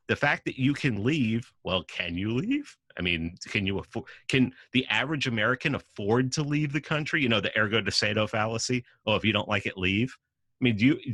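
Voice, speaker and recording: With a mid-range, slightly bright voice and no echo, a New York City man appears as a podcast guest arguing his point in casual conversation. He's emphatic and profane, acting out quoted voices.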